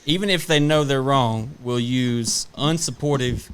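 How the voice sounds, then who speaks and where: A man with a drawl, co-hosting a laid-back podcast. He rambles through stories about his kids and his job, swearing freely and acting out the exchanges as he goes. The voice sits at an ordinary middle pitch. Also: a little slow, a bit bright, smooth. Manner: profane, rambling storyteller who acts out family anecdotes. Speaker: podcast co-host. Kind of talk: casual podcast chat.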